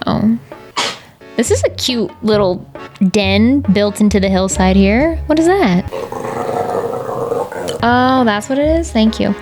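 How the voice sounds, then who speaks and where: A woman's voice: mid-range voice, animated, slow pace, long pauses, over music. A young woman from Pennsylvania hosting a casual commentary vlog, chatty and playful, gushing over animals. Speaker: channel host.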